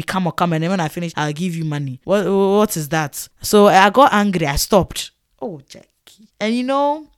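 A young woman telling a casual story to camera, animated and chatty, acting out her own thoughts with sighing exclamations. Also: on the low side, dry recording, clean studio sound. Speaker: vlogger.

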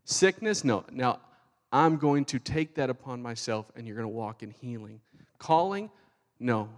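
Quiet reassuring male God figure, as a man puts him on; gentle, unhurried. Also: medium pitch, expressive, long reverb tail, pitched below the performer's own voice, lightly acted. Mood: assuring.

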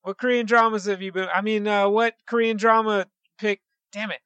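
A man's voice: high voice, level tone, moderate pace, sharp tone, clean tone, dry recording, muffled recording. A man co-hosting a podcast in casual chat, joking and rambling with frequent restarts. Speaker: podcast co-host.

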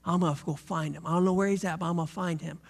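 A preacher voicing Jesus as earnest and set on finding someone, speaking low and resolute. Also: male voice, steady tone, very fast, creaky. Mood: determined. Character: earnest determined Jesus searching for a man.

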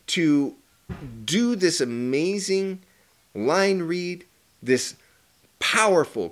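Excitable guy chatting movies, cusses a lot, acts out the lines. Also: a little high. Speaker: podcast co-host. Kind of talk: casual movie review chat.

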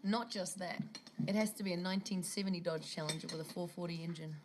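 A woman's voice: lowish voice, fairly even intonation, fast talker, very noisy, natural voice. A woman with a New Zealand accent playing a brash, car-loving stuntwoman in film dialogue who talks cheekily and swears freely. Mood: cheeky.

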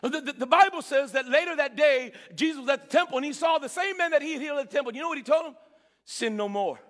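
High-voiced, emphatic preacher. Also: male voice, rapid-fire. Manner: emphatic, repetitive, shouting at peaks. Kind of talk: sermon.

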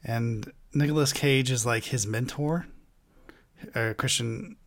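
Man, casual movie chat, rambling and halting delivery, swears a lot. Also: mid-range voice.

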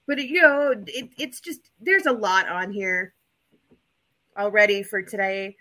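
Bright-voiced chatty woman. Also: medium pitch, a little slow. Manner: chatty, rambling with fillers. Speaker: podcast co-host. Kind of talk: casual chat.

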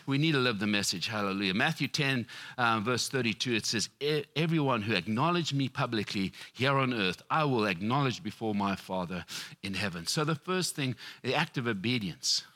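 A middle-aged man preaching a sermon to his church, telling lively stories with acted-out quotes. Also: medium pitch, a little fast. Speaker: pastor.

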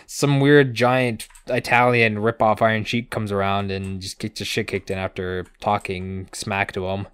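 A sarcastic man recapping episodes on a podcast, swearing offhandedly and slipping into brief character voices. His voice is lowish and smooth, and the recording is close and dry with no room sound. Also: flat delivery, no echo. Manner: sarcastic, swears casually, acts out characters in quick asides. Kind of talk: casual comedic recap chat.

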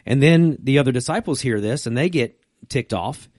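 A man's voice: mid-range voice, expressive, normal speed, darkish tone, no room sound, studio quality. A man co-hosting a casual church talk, reading scripture and book quotes aloud. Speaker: co-host. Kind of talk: casual church podcast chat.

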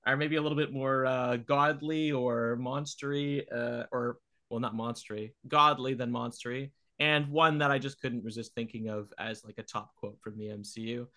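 A man's voice: mid-range voice, steady tone, moderate pace, hardly any pauses, pushed and bright. A man co-hosting a podcast in casual chat, hesitant with many fillers and frequent laughs. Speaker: podcast co-host.

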